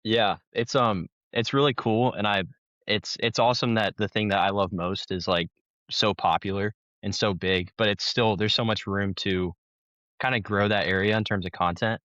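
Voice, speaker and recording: A man's voice: on the low side, steady tone, moderate pace, a bit bright, no echo. A man who makes golf videos, answering in a laid-back way with lots of ums. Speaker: golf content creator. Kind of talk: conversational interview. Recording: dull lo-fi sound.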